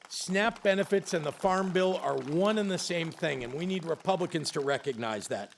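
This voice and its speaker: A middle-aged man giving a political stump speech at a campaign event, emphatic, rising to loud punches and dropping low for grave points. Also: creaky.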